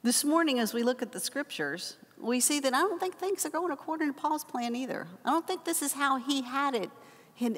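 An older woman teaching a Bible lesson, telling a personal story with animated acted-out quotes. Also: fairly high pitch. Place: church hall. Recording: long hall reverb.

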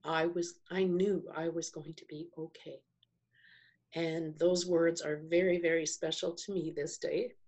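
A middle-aged woman telling a personal story as a podcast guest, slow and reflective, pausing and restarting as she searches for words. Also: level tone, a little mellow. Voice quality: low, husky voice with gravelly fry. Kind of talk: personal testimony in an interview.

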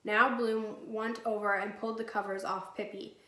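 A woman teacher reading a chapter book aloud to her class in a clear, steady storytelling voice. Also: medium pitch, normal speed. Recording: echoey room.

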